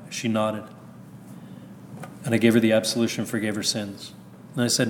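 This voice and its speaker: A man's voice: on the low side, flat delivery, moderate pace, pauses often. A male priest telling a personal story in a candid, rambling way, chuckling at his own jokes. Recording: reverberant hall with faint background noise.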